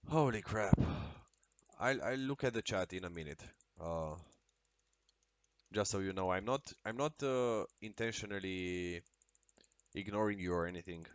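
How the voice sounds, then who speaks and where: Excitable swearing game streamer man. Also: sits low, a little slow, no room sound. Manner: excitable, swears a lot, frequent exclamations. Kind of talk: casual live-stream commentary while playing.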